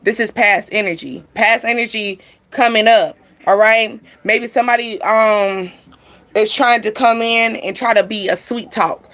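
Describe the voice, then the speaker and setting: A woman's voice: a little high, normal speed, a bit bright. A young woman giving a casual spiritual card reading to camera, rambling and chatty, full of "like" and "you know". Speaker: tarot card reader.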